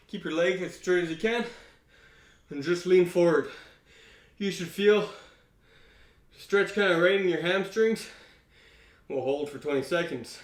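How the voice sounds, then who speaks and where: A man leading a home workout, counting reps aloud and catching his breath as he exercises. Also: sits high. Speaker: fitness instructor. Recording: echoey room.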